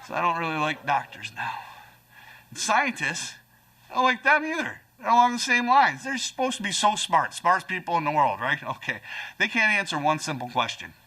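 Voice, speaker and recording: Animated man in his forties doing stand-up. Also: moderate pace. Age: 40s. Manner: animated, jumps to high voices for acted-out lines. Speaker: stand-up comedian. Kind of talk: stand-up routine.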